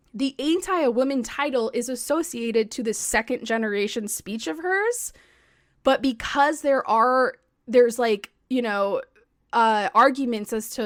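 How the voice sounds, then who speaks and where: A woman telling a story on a podcast with animated, casual energy, filling her sentences with "like" and dropping the occasional swear. Her voice sits a bit high, and the sound is dry and close with no room behind it. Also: dry recording. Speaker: podcast co-host.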